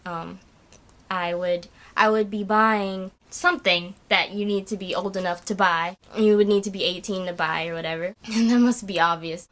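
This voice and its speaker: A young woman ranting casually to camera in a vlog, exasperated and complaining, with many fillers. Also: mid-range voice. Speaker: vlogger.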